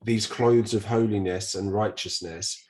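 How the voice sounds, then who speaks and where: British guy, deep voice, slight lisp, chatty bible podcast. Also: steady tone, a little slow, darkish tone. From Britain. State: slight lisp from a mouth ulcer. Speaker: podcast co-host. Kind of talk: casual Bible chat.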